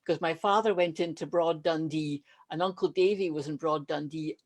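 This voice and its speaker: A woman from Stirling with a Scottish accent softened by elocution, telling stories in a casual chat over a video call. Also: low voice, fairly even intonation, moderate pace. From Stirling, Scotland. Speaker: podcast guest.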